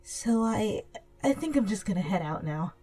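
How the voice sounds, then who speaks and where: A woman's voice: medium pitch, expressive, normal speed, warm tone, slightly rough, soft background music, pitched above the performer's own voice. A woman voicing a heartbroken teenage girl who is tearful, shaky and rambling, in a storybook audio drama.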